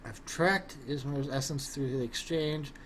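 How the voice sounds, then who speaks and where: A man's voice: medium pitch, unhurried, fairly bright tone, slight background noise, close to an everyday voice. A man voicing a detached male scholar who examines souls in a clinical tone. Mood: analytical.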